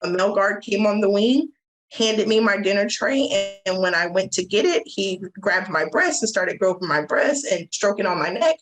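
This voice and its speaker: A woman's voice: mid-range voice, animated, moderate pace, rough recording. A woman from the USA, a podcast guest telling her own story candidly and earnestly in an interview. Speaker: guest, advocate. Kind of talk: interview recounting personal experience.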